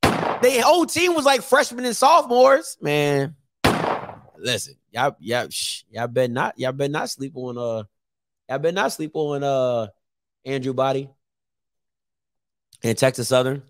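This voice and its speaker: Lively, animated male YouTube host. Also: mid-range voice, a little slow, pauses often, no echo, studio quality. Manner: animated, teasing, lots of fillers. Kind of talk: casual live-stream talk.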